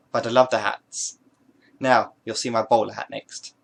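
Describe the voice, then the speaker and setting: A man's voice: mid-range voice, fairly even intonation, normal speed, vocal fry, long pauses. A man chatting casually to camera, showing his hats with playful, rambling jokes and asides. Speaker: vlogger. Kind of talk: casual show-and-tell to camera.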